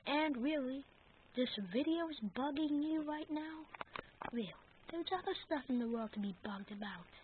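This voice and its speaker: Woman, high pitch, unhurried delivery; goofy action figure wrestling banter; tinny phone-quality audio. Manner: goofy, rambling, bantering back and forth with itself. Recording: tinny phone-like recording with faint noise.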